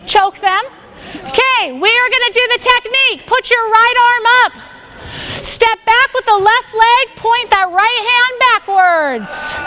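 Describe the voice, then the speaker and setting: A woman teaching a self-defense class on a body microphone, giving energetic step-by-step commands and checking in with "okay?" after each one. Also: extremely high pitch, slight background noise. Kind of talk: classroom instruction. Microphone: wearing a microphone.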